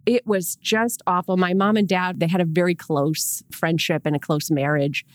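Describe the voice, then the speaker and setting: A woman's voice: fairly low pitch, steady tone, normal speed, no echo. A woman in her forties from Rochester, New York, with a Rochester accent, talking candidly as a podcast guest and often laughing between thoughts. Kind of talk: casual interview chat.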